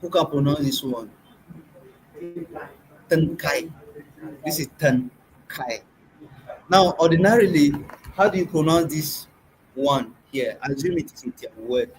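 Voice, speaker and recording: A man's voice: fairly high pitch, moderate pace, a little hiss or hum, low-quality recording. Nigerian man teaching a live class. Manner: patiently quizzes the class, repeats sounds aloud. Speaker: language workshop teacher. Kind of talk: in-person classroom lesson. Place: classroom or meeting room.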